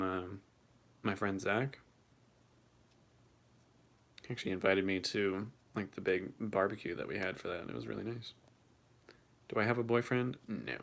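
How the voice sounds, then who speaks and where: Gravelly-voiced young man chatting on a livestream. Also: on the low side, fairly bright tone. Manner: chatty, reacts to chat messages, swears casually. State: voice shaking from cold. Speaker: livestream host reading chat. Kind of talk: casual livestream chat.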